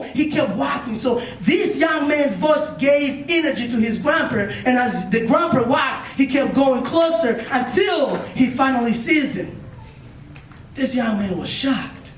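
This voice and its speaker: A man's voice: very high voice, animated, measured pace, a little hiss or hum. A man giving a motivational speech to young listeners, telling a story emphatically and with lots of repetition, often checking in with questions. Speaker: motivational speaker. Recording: echoey room, mic far off.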